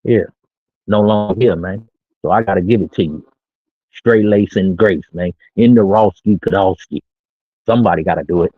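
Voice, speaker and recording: Broadcasting from his own small studio, a middle-aged man gives dating talk in a casual monologue, brash and boastful with plenty of street slang. His deep, slightly rough voice moves at normal speed, sounding tinny and phone-like with no room sound.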